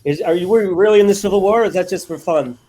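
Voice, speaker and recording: A man's voice: high-pitched, racing, warm tone, lightly acted. A man doing an impression of a cheeky, irreverent comedian, wisecracking and brash.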